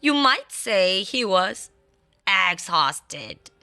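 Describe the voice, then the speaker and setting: Bright-voiced woman reading a children's storybook. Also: medium pitch, extremely slow, gravelly. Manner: playful and expressive, adds sound effects. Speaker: storybook reader. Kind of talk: children's storybook read-aloud. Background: faint classical background music.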